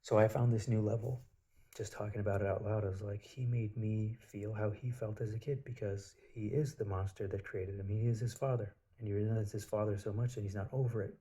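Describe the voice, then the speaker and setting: A man's voice: lowish voice, fairly even intonation, a little fast, dark tone. A man telling stories in a rambling, casual monologue, swearing freely. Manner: rambling, profane storytelling.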